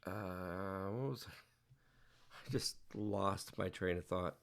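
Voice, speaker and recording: Slow, gravelly man chatting playfully. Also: sits low. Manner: playful, rambling, jokey wordplay. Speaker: digital artist livestreaming. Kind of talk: casual livestream chat while drawing.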